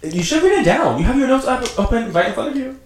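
A woman co-hosting a podcast, telling stories in an animated way with lots of fillers. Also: a little high, very fast, echoey room, slight background noise. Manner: animated storytelling with many fillers. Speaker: podcast co-host. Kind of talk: casual chat.

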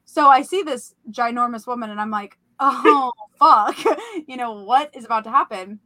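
A young woman hosting a podcast, telling about a vivid dream in a casual, animated way full of "like" and fillers. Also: fairly high pitch, fairly quick, dry recording. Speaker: podcast host. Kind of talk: casual storytelling.

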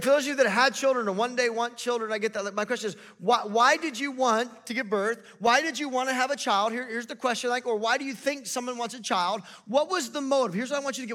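A man's voice: very high-pitched, sharp tone. A male pastor preaching a sermon in a conversational way, asking the congregation rhetorical questions.

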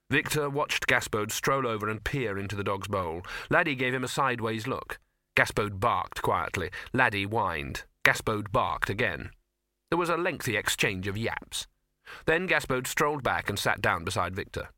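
A male audiobook narrator with a bright, forceful tone and wry, measured delivery. The recording is close and dead dry, with no room around him. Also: on the low side, expressive, dry recording. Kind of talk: scripted narration.

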